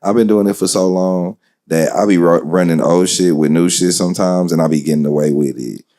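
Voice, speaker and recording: A man's voice: deep voice, fairly even intonation, a little fast, mellow. A man, giving laid-back, slangy feedback at an open mic. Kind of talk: casual feedback.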